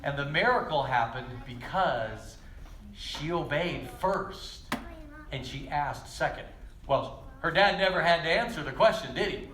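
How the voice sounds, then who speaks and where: A man teaching children at church, telling stories lively and speaking straight to the kids. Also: fairly high pitch, unhurried. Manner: lively, storytelling, addresses kids directly. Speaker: children's pastor. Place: church kids' room. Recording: echoey room with faint ambience.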